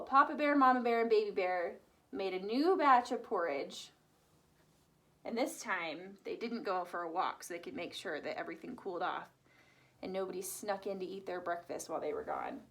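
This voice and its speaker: A woman telling a fairy tale to children, animated and asking her young listeners questions. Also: mid-range voice. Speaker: children's storyteller. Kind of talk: reading a story aloud to children.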